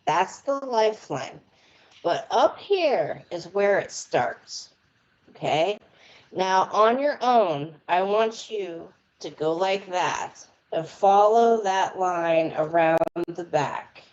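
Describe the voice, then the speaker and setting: A woman's voice: mid-range voice, lively intonation, slow, lo-fi sound. An American woman reading palms on a live stream in a chatty, rambling way, often laughing as she talks. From United States. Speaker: palm reader and tarot reader. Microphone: remote internet connection.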